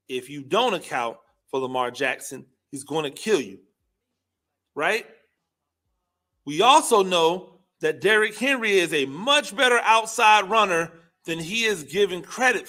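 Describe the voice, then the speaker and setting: An excitable man hosts a football talk show in an unhurried, deliberate delivery. His voice sits high and rings bright. He drives home each point by repeating it and asking rhetorical questions. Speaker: football commentary show host. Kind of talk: opinionated sports talk monologue.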